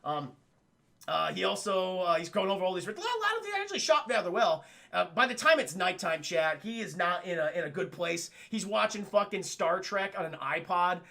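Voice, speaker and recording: A man's voice: high voice, fairly quick, gravelly. A man casually recapping a film for his live-stream chat, swearing often and talking to the chat directly. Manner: profane, excitable, keeps addressing the chat.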